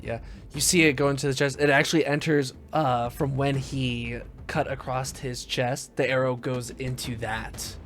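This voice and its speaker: A man running a tabletop game as dungeon master, describing the action in an unhurried, descriptive way. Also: medium pitch, little pitch movement, a bit bright.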